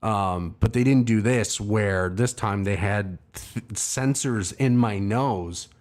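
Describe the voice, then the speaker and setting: A man's voice: on the low side, slow pace, a little mellow. A man hosting a livestream, telling a long, rambling, profane and self-mocking story to his chat. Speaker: livestream host. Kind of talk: casual storytelling to a live chat.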